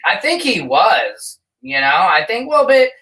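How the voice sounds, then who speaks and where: A man hosting a podcast, laid-back and quick to laugh in casual chat. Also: sits high, sing-song, bright, forceful tone, recorded from a distance, poor audio. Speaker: podcast host.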